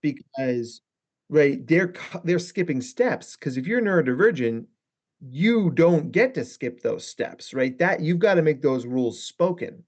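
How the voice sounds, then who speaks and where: A man's voice: fairly high pitch, lively intonation, unhurried, a little mellow. A man who is a guest therapist on a podcast, telling long rambling stories in a casual chat, swearing freely and saying "like" and "right?" a lot.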